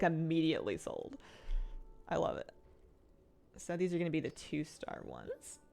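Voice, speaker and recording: A young woman streaming a game, chatting casually in a rambling way and laughing often. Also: mid-range voice. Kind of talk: casual chat while gaming.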